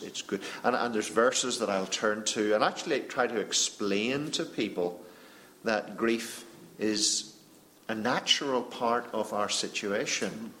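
A man leads a panel discussion in a reflective, earnest way, pausing and restarting as he thinks. His voice sits on the low side, with faint noise behind. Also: a bit bright. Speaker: panel moderator.

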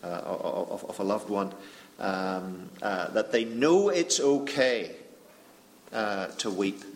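Low-voiced earnest moderator, a man. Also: slight background noise. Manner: reflective, earnest, halting. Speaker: panel moderator. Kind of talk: panel discussion.

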